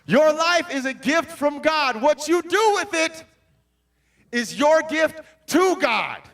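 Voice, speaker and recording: A male Christian motivational speaker with a very bright, very high voice addresses a youthful crowd, firing off questions and suddenly shouting. His delivery is slow with lively intonation, and the mic picks him up from a good distance.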